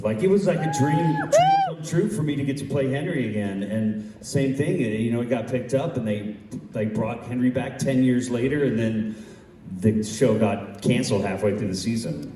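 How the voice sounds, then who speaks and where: Man, low mellow voice, panel actor, earnest, repeats words, far from mic. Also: animated, normal speed. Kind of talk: convention panel talk. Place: large convention hall stage. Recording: echoey hall from far off, faint noise.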